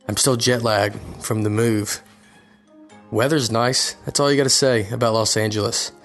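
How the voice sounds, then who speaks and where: A young man tells a comic story in a self-mocking, rambling way, tripping over his own sentences. His voice sits at an ordinary pitch for a man. Faint music plays softly underneath. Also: steady tone, normal speed. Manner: self-deprecating, rambling with restarts. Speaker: comedian recording a guest spot. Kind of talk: casual comedic monologue.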